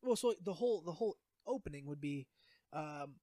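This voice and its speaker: Young male co-host, high-pitched, loose jokey chatter, dry recording. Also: lively intonation, a little fast, dark tone, no echo. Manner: joking, rambling, swears a lot. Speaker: podcast co-host. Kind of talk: casual chat.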